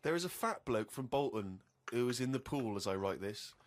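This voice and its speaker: A man's voice: medium pitch, animated, brisk. A middle-aged man, reading a diary aloud in a dry way on a comedy show, laughing between entries. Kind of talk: reading aloud with comic asides.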